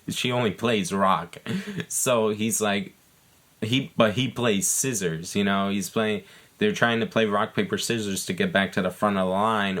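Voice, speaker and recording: A man with a very low voice talks through episodes of a TV series in a loose, off-the-cuff way. He wanders, restarts his sentences and leans on fillers, then briefly acts out what the characters say. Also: fairly bright tone. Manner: rambling, lots of filler words and restarts; acts out characters' lines in quick quoted bits. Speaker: TV series reviewer. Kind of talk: casual episode recap.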